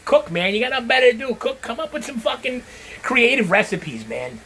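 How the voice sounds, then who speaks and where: A brash, swearing middle-aged man, chatting to his viewers while he cooks at home. His voice sits high for a man. A faint hum of the kitchen hangs behind him. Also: sing-song, a little fast, pushed and bright. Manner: brash, profane, talks straight to viewers. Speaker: home cook. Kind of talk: casual cooking livestream chat.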